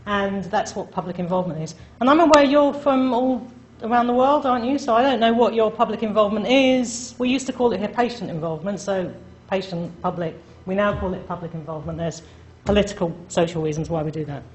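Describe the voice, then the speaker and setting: A woman's voice: medium pitch, brisk, dull audio. A woman giving a conference presentation to an international audience, chatty and self-deprecating, often checking in with the listeners. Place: lecture room. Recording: echoey room with faint noise.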